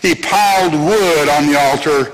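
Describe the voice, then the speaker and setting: Male pastor lively, emphatic sermon voice, fairly high, long hall reverb. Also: unhurried. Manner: animated, emphatic, swings from loud to hushed. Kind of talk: sermon with scripture reading.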